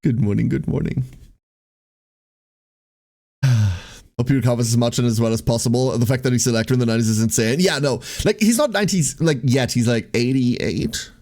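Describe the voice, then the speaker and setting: A man's voice: mid-range voice, moderate pace, darkish tone. A young man livestreaming, venting casually to his viewers in a rambling way, with lots of "like" and swearing.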